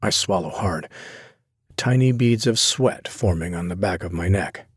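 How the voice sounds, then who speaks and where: Husky male audiobook narrator. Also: low-pitched, measured pace, no room sound, studio quality. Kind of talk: first-person romance audiobook narration.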